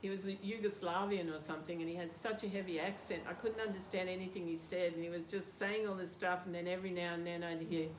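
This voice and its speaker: Speaking quickly and barely pausing, this older woman with an Australian accent has a fairly low voice and fairly even intonation. She's a devotee in a relaxed interview, laughing and poking fun at herself as she tells a story. Background noise fills the roomy recording.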